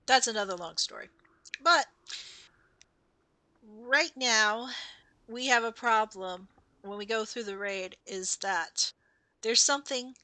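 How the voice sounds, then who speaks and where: Chatting casually as she plays, a female streamer with a medium-pitched, sharp voice walks through the game's lore. She laughs at her own mistakes along the way.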